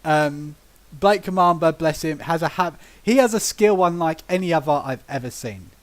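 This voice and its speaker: A man from Britain hosting a relaxed podcast chat. His voice sits on the higher side for a man. He tells lively tabletop game stories, acts out quotes and laughs easily. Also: normal speed. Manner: animated storyteller who acts out quotes and laughs often. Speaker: podcast host.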